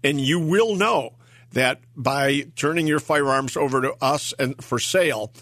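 A man's voice: mid-range voice, a little slow, fairly bright tone, dry recording. Man, radio co-host, casual, rambling, lots of fillers, dry close mic. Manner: rambling, with many fillers and restarts. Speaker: auction company co-host.

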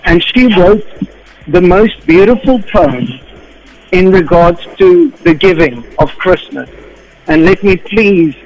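A man's voice: sits high, animated, slow, muffled recording, soft background music. A South African man, a regular on a radio show, talking in an exuberant, jokey way and reciting a poem.

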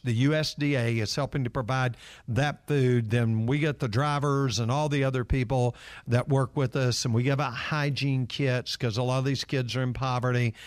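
A man's voice: medium pitch, no room sound. A man telling stories earnestly, with lots of fillers, as a guest in an interview. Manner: earnest storytelling with many fillers. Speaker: nonprofit leader. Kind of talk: interview answer.

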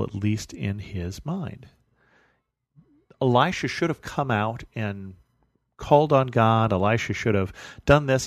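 A man reading a Bible passage aloud, then explaining it in a relaxed, conversational way as a study teacher. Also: mid-range voice, dry recording. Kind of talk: scripture reading and teaching commentary.

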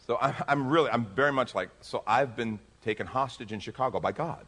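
A male pastor telling a lively story in a sermon, acting out the people in it. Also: mid-range voice, normal speed. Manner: animated, acts out dialogue in his story.

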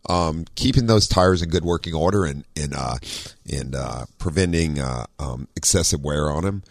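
A middle-aged man with an extremely low, rumbling radio voice hosts a morning car talk show. He talks in a relaxed, meandering way, full of ums and uhs. The studio sound is dry and close. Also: normal speed, creaky, no room sound. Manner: relaxed, rambling, many ums and uhs, easy laugh. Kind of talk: casual talk radio chat. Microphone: studio microphone.

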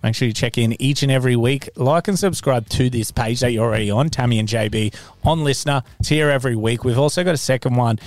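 A man's voice: mid-range voice, fast talker, no room sound. A man co-hosting a radio podcast, chatting casually with jokey, rambling banter. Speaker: radio co-host.

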